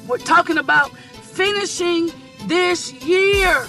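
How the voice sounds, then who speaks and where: Woman host, passionate preaching style, very high, bright tone, half-sung cadence, recorded in a vehicle. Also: a little slow, soft background music. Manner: fervent, shouting and half-singing phrases. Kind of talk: impassioned motivational preaching.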